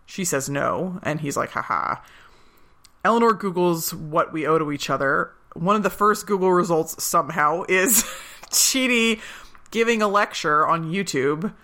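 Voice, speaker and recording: This podcast co-host recaps scenes in easygoing conversation, acting out quoted dialogue as she goes. She speaks at a normal rate in a lower register, her delivery forceful and bright.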